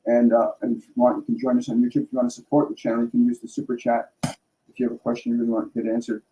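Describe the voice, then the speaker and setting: A man's voice: medium pitch, racing, mellow, a little hiss or hum, low-quality recording. A middle-aged man hosting a live spiritual stream, speaking earnestly with restarts and tag questions. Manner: earnest, rambling, frequent restarts and "right?" tags. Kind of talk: casual spiritual talk.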